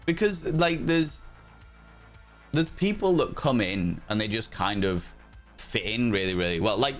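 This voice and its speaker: A man livestreaming a game and chatting casually with his viewers, theatrical and profane, with playful jumps into a high voice. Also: lively intonation, measured pace, faint music behind. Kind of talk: casual live-stream chat with viewers.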